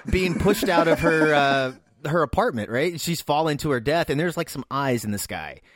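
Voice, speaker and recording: A man co-hosting a podcast in casual chat, animated as he tells stories. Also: a little high, normal speed, no echo, clean studio sound. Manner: animated storyteller. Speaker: podcast co-host.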